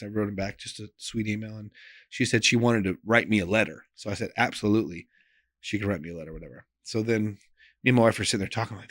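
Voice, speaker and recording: A pastor speaks in a somewhat low male voice, recounting a story in an earnest, emotional way. His delivery is loose and conversational, full of "like" and "you know", and often sinks to near a hush. The sound is dry and close, with no room around it. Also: fast talker, dry recording. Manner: earnest and emotional, voice often drops soft and quiet. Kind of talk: personal storytelling in a podcast interview.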